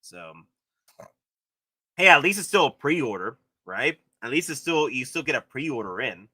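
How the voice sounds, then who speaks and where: A man hosting a live stream, commenting excitedly on collectible figures and gushing with repeated exclamations. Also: medium pitch, unhurried, no room sound, clean studio sound. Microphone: streaming setup.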